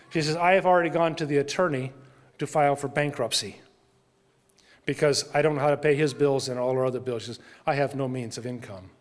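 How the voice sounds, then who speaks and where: An older man, a missionary speaker, telling an earnest mission story in church with emphatic repeats. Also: fairly high pitch. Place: church sanctuary. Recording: long church reverb.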